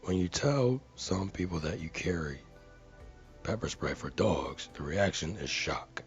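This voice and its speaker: A man's voice: sits low, lively intonation, a little slow, highs cut off, soft background music. A man earnestly reading a viewer comment aloud, carefully and with dramatic stresses.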